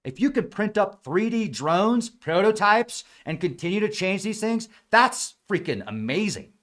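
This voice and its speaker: A male podcast host delivers a casual, rambling monologue, sarcastic and given to mimicking gullible people, speaking with a dry mouth at high altitude in the mountains. His voice has big pitch swings and a fairly bright tone, and he talks a little slowly.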